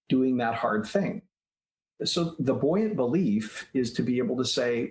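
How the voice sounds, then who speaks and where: Brief: male podcast guest, mid-pitch voice, patient teacherly explainer, recorded in an echoey room. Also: animated, moderate pace. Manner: explanatory, teacherly, walks through steps. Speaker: guest author, child psychologist. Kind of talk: podcast interview. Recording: roomy echoey room sound.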